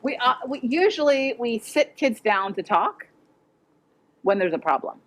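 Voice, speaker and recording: A fairly high-pitched, animated woman speaks at a measured pace, presenting to parents in a conference hall before an audience. As an educator, she keeps things direct and practical and acts out quoted voices.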